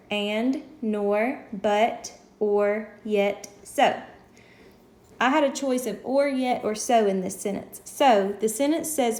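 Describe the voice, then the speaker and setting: A patient woman teacher walks through a lesson step by step, in a slightly high voice. The sound is roomy and echoey, as if recorded in a bare classroom. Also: a little mellow. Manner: patient, explains slowly step by step.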